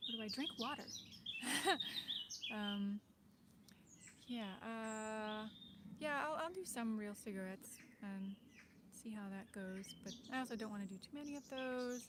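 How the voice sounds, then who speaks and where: A woman's voice: on the high side, lively intonation, a little slow, noisy background. A woman chatting on her livestream, hesitant and rambling, with lots of fillers and small laughs. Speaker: livestream host. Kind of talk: casual livestream chat. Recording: birdsong in the background. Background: birdsong.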